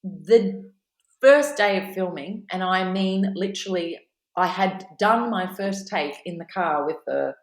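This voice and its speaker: A woman's voice: fairly low pitch, unhurried, echoey room, poor audio. An Australian woman guesting on a podcast, telling stories animatedly and acting out what others said. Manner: animated storytelling, acts out quoted voices. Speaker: actress, guest. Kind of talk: casual interview, anecdote telling.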